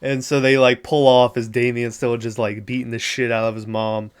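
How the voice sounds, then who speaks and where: This man's voice sits in the mid range, level in tone and clean, at a normal speed. As a podcast host doing a casual solo movie recap, he wanders through the story, swearing freely and voicing the characters himself.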